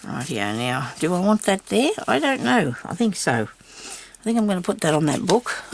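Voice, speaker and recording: A lowish, very animated female voice with vocal fry moves at a slightly slow pace. She is a crafter making a tutorial on camera, chatting casually to herself and her viewers as she works and teasing herself with small laughs.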